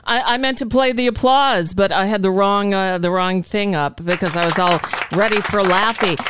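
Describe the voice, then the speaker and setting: A woman's voice: mid-range voice, normal speed, music in the background, crowd noise. A woman hosting a talk show, chatting casually in a scattered, rambling way with many fillers and restarts into a studio microphone. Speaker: radio show host.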